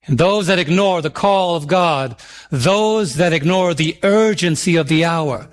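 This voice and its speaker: A middle-aged man preaching a sermon, reading scripture slowly and emphatically and calling for responses from the congregation. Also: fairly high pitch. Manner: calls for audience responses.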